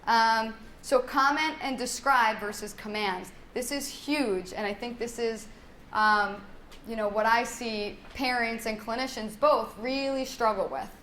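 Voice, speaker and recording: A woman's voice: fairly high pitch, a little slow, a bit bright, slight background noise. Woman speech therapist teaching parents. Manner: conversational, checks in with "right?", models child talk in a lilting singsong. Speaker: speech-language pathologist leading a parenting workshop. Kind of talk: live workshop talk to parents. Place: workshop room.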